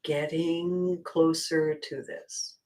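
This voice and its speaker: Woman host telling stories, lowish voice, gets loud then goes soft, laughs a lot. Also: extremely slow. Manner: animated, acts out scenes with quoted voices; laughs often, drops to quiet asides. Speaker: podcast host and coach. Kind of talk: storytelling monologue.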